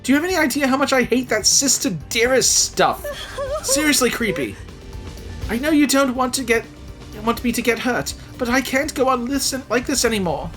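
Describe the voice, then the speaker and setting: A man's voice: lively intonation, moderate pace, over music. A man voicing a fiery teenage girl in a video game, defiant and pleading. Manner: high-pitched, pleading, defiant.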